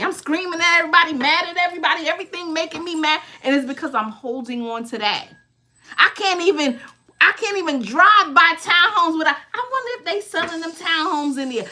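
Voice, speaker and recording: A woman's voice: very high voice, pushed and bright. A woman in her fifties, a tarot reader hosting casual advice talk, emphatic and always asking if you follow. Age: 50s.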